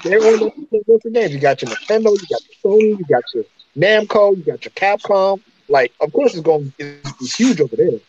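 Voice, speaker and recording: An African podcast co-host talks a little fast with few pauses, his high voice expressive and a little mellow. His casual chat is blunt, profane and full of opinions, and the sound is muffled with faint noise.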